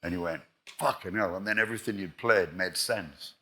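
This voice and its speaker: An older English man, a guest musician, spins lively stories of past recording sessions and acts out each back-and-forth himself. His voice sits very low but comes across bright and forceful. He swears freely as he tells them. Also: a little fast. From England. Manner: animated anecdotes, acting out quoted exchanges, swears freely. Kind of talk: storytelling in a live interview.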